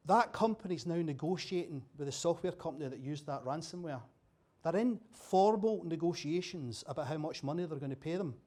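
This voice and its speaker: A man's voice: a little high, brisk, mellow. A man giving an after-dinner talk at a dinner event, chatty and self-deprecating, often restarting his sentences. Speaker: dinner speaker.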